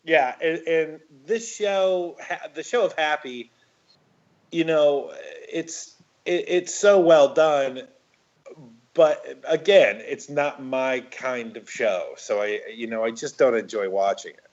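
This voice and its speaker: A man's voice: fairly high pitch, slow, a little mellow, highs cut off. A man co-hosting a movie podcast, talking in a rambling, hesitant way with lots of restarts. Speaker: podcast co-host. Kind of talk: casual chat.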